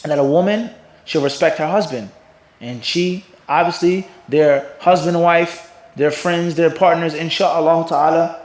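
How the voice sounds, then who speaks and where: A man's voice: a little high, a little slow, darkish tone. A man teaching an Islamic lecture, posing rhetorical questions to his audience and mimicking others sarcastically. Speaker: mufti teaching hadith. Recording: echoey room.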